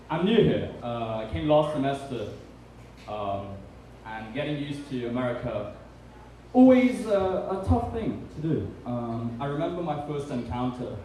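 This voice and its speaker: Dry young British comedian on stage. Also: male voice, medium pitch, dark tone. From Britain. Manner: dry, self-deprecating, many ums. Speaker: stand-up comedian. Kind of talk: stand-up comedy set. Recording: echoey room, distant mic, faint noise.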